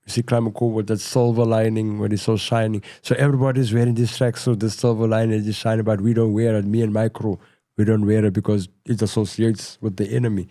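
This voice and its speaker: A middle-aged South African man telling his story in a casual interview, rambling and full of "you know," going quieter at tense moments. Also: lowish voice, flat delivery, quick pace. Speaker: podcast guest.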